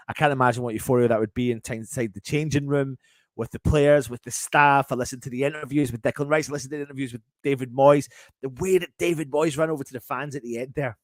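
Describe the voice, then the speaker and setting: Casting note: excitable male fan host, mid-pitch, tripping over words, dry close sound. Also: no room sound. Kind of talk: casual live fan chat.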